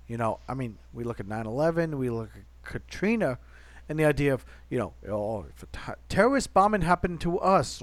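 A man's voice: on the high side, dry recording. A man co-hosting a podcast in casual chat, earnest and repetitive, often restarting his sentences. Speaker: podcast co-host.

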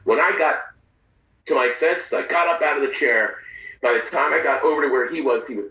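A man recounting his own past in an interview, speaking candidly and haltingly, with frequent profanity and restarts. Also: a little high, pushed and bright. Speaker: interview guest. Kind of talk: personal storytelling in a podcast interview. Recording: roomy, distant mic.

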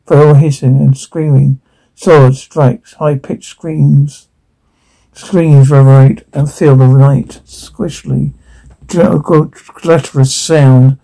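A man's voice: medium pitch, fairly even intonation, takes it slowly, vocal fry, warm tone, rough recording. A man reading a drama scene aloud, its sounds and dialogue, with stumbles and restarts as he goes.

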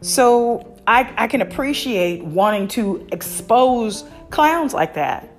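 A woman's voice: fairly high pitch, expressive, takes it slowly, faint music behind. A woman hosting a podcast in casual chat, candid and opinionated, with frequent fillers and restarts. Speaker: podcast host.

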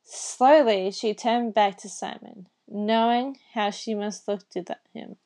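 A woman's voice: medium pitch, slow pace, dark tone. A woman reading a novel chapter aloud in a casual way, sometimes stumbling and correcting herself. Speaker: reader.

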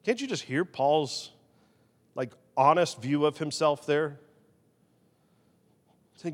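A man preaching a sermon as pastor, animated, swinging between loud emphasis and quiet, confessional asides. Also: on the high side, slow, pauses often, in a large hall.

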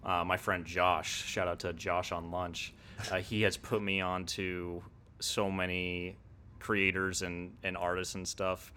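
A man's voice: low voice, level tone, slow, bright, forceful tone, a little hiss or hum. A man appearing as a guest on a podcast, talking casually, reflective and enthusiastic, with plenty of agreeing murmurs. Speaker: podcast guest, video essayist.

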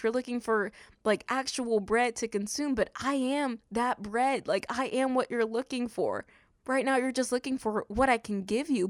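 Woman doing a casual bible podcast, kinda high voice, dry close mic, acts out quotes a lot. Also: no room sound. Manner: conversational, animated, acts out quotes with "he's like". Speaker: podcast host.

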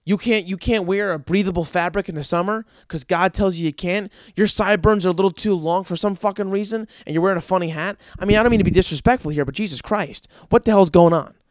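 High-voiced man in a profane comedy rant. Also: fast talker, hardly any pauses, dry recording, studio quality. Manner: profane, exasperated ranting.

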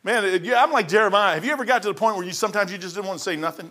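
A man preaching a sermon from the pulpit, telling stories in a folksy way, often saying "man", and swinging from loud outbursts to hushed asides. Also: high voice, expressive, very fast, few pauses. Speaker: pastor. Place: church.

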